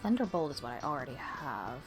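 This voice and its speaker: A woman's voice: a bass voice, very animated, brisk, over music. A woman chatting casually to herself while playing through a video game. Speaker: let's play host. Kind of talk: casual gameplay commentary.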